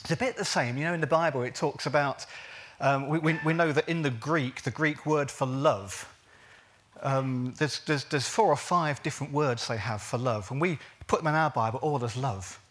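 A man's voice: medium pitch, moderate pace, fairly bright tone. A man preaching a sermon, earnest but jokey, drawing words out for emphasis.

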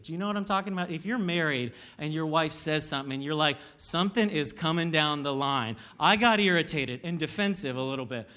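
A man in his thirties delivers a sermon in a high voice that rises and falls with lively energy. He tells candid, self-deprecating stories straight to the congregation. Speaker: pastor.

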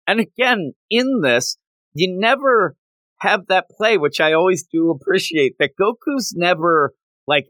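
A man co-hosting a casual podcast chat, animated and quick to act out lines from the story. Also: sits high, dry recording. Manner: animated, acts out quoted characters in passing. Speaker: podcast co-host.

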